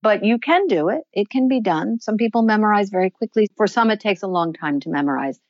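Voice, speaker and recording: A woman answering interview questions as a voice and performance coach, explaining in a measured, instructive way. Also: medium pitch, lively intonation, darkish tone, dry recording, muffled recording. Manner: measured, instructive, slows to stress points.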